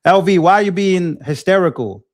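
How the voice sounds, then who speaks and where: A man in his twenties hosting a livestream, talking in an impassioned, animated way and often repeating himself while answering chat. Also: high-pitched, moderate pace. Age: 20s. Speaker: livestream host.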